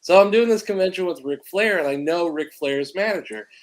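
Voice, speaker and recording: A man who makes films, chatting as a podcast guest and acting out his anecdotes with lively energy. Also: high-pitched, a little fast. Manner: animated storyteller who acts out his anecdotes. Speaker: filmmaker guest. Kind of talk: casual podcast chat.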